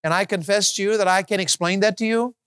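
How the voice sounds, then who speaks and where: A man's voice: high voice, steady tone, fast talker, a bit bright, clean tone, dry recording, clean studio sound. A man preaching a sermon in an auditorium, building to impassioned, pleading prayers.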